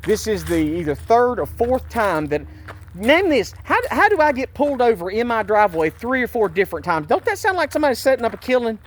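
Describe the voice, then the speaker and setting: A man's voice: extremely high pitch, very animated, brisk, a little hiss or hum. A man, recounting a police stop in an agitated, indignant way and repeating himself. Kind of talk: angry personal vlog.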